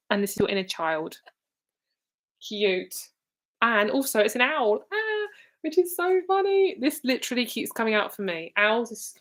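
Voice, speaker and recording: A young woman gives card readings on a live stream. She talks in a loose, rambling way, fills her sentences with "like" and swears now and then. Her voice sits at a middling pitch. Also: fairly bright tone. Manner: chatty, rambling, full of "like", casual swearing. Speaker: tarot and psychic reader.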